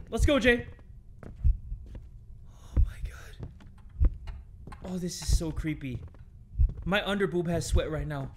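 A man's voice: sits high, sharp tone, a little hiss or hum. A young man commentating a horror game from home, jumpy and swearing often, talking to his viewers. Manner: jumpy, swears a lot, shrieks when startled; talks to viewers while playing. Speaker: gaming YouTuber.

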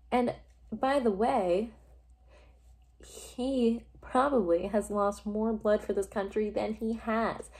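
A woman speaking into a phone in a loose, informal way, full of fillers and rough asides. She talks through a play as casual commentary. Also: mid-range voice, moderate pace, a little mellow. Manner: chatty and informal, swears, filler-heavy. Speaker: video creator summarizing a play.

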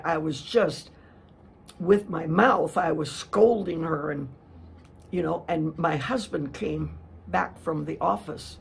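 An older woman giving a sermon, telling a personal testimony in an earnest, slow storytelling way with frequent restarts. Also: low voice, vocal fry, slightly rough. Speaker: speaker giving a testimony talk.

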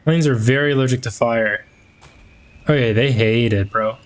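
A man's voice: mid-range voice, normal speed. A man streaming a game, chatting casually in slang and swearing now and then. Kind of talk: gaming commentary.

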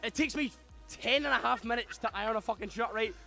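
A man's voice: extremely high pitch, quick pace, gravelly, loud music behind the voice. A young man on a night out telling a crude, chatty story with lots of swearing. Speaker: interviewee on a night out. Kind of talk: rambling street anecdote.

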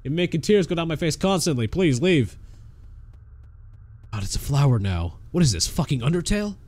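Excitable young man streaming a game. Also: a little high, moderate pace. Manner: excitable, swearing, laughing reactions. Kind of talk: live gameplay commentary.

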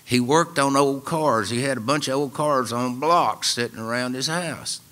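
An older man with an East Tennessee drawl spins a wry, homespun tale for a live radio audience. His voice is bright and forceful at a middling pitch, easygoing and dry in its humor. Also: normal speed. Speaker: storyteller and musician.

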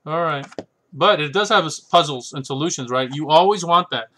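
A man's voice: fairly high pitch, normal speed, pushed and bright. A man talking casually and rambling about his books, tossing in sarcastic asides and frequent "right?" checks. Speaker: chess book reviewer. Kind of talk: casual solo talk.

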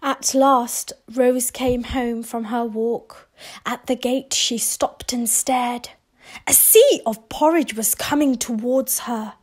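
A woman reading a children's picture book aloud, expressive, with gasps and whispered asides. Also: a little high, takes it slowly. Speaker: children's story reader.

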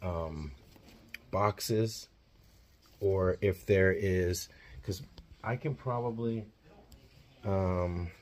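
A man with a fairly low voice hosts an on-location rescue vlog. He is chatty and earnest, and he explains care tips as he goes. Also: drawn-out words, pauses often. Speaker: host of animal rescue channel. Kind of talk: casual on-location vlog chat.

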